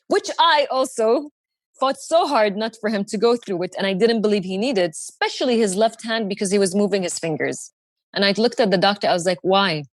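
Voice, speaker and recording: A woman's voice: medium pitch, no echo. A woman in her thirties from Kuwait, a podcast guest telling a personal story with animation, acting out dialogue and swearing freely. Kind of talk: emotional personal storytelling in conversation.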